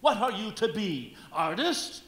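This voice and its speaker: A man's voice: sits high, sing-song, a little slow, gravelly, fairly bright tone, reverberant, exaggerated voice. A man playing the ghost of a grand old stage actor, with a declamatory, commanding delivery in an amateur stage play.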